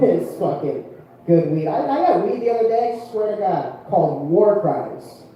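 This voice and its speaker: A man working through a rambling stand-up bit at an open mic. His voice is mellow and relaxed. The sound is roomy, with heavy echo. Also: a little high, normal speed. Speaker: stand-up comedian. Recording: echoey room, mic heard from a distance.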